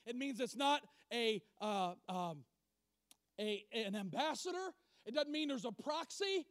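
A man preaching a sermon, emphatic, swinging from loud declarations to quiet asides. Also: very high-pitched, animated, measured pace, dry recording, studio quality.

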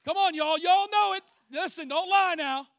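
This pastor's sermon is lively and homespun: he ribs the congregation with ordinary anecdotes before the tone grows serious. His unusually high male voice rings out bright and strong at a moderate pace, captured close-up and dry without any room reverb.

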